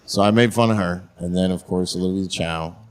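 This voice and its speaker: A man's voice: low-pitched, fairly even intonation, a little fast. A man doing a stand-up comedy set on a club stage, with brash, crude delivery.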